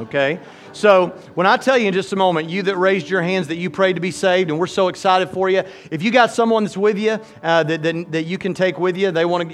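A man preaching an altar call, folksy and joking, with an animated, lively delivery. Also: high voice. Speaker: pastor.

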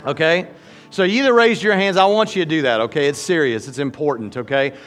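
A man preaching an altar call, folksy and joking, with an animated, lively delivery. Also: on the high side, brisk, soft background music. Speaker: pastor.

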